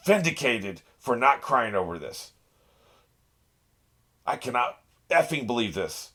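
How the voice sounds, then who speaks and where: This reaction host speaks unhurriedly in a bright, forceful mid-range voice with a sing-song lilt and long pauses. Watching an anime episode, he gets riled up, laughs often, and swears at the characters.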